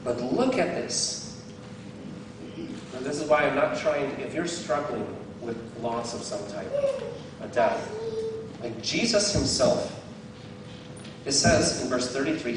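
Heard from some distance in a very echoey hall with background noise, a guest speaker preaches a sermon, candid and self-deprecating, with bursts of laughter. His voice is fairly high, animated, and unhurried.

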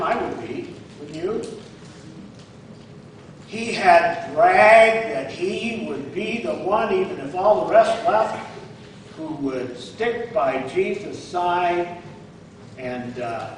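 A man filling in as preacher, giving a conversational sermon and checking in with his listeners. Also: a little high. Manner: conversational, checks in with "all right?"; acts out quoted lines with rising emphasis. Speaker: guest preacher. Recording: very echoey, distant mic, faint noise.

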